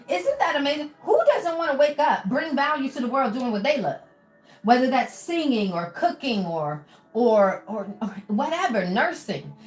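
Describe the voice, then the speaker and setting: A woman preaches encouragement on a livestream, her high voice leaping up and down as she coaxes viewers and calls them baby. She sounds roomy and echoing, with faint music running behind her. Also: darkish tone. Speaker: motivational coach on a livestream. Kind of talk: live-streamed motivational talk.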